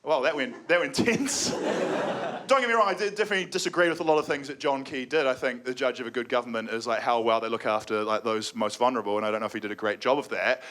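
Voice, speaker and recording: A young New Zealand man doing stand-up comedy live, sarcastic and excitable, now and then jumping into shouted mocking voices. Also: medium pitch, fast. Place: comedy venue with live audience. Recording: live show with audible crowd. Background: audience laughter.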